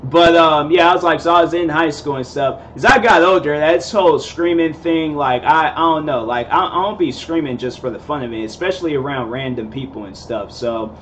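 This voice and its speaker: A man's voice: on the high side, a little fast, few pauses, fairly bright tone, slight background noise. A young man in his twenties telling a rambling, casual story, full of fillers and laid-back slang. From Seattle area, USA. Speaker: vlogger host.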